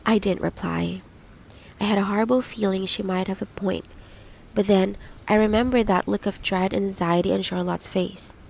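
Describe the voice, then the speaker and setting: A woman narrating a first-person audiobook in a gentle, reflective reading, lightly voicing the dialogue. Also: medium pitch, fairly even intonation, normal speed, vocal fry, a little hiss or hum, low-quality recording.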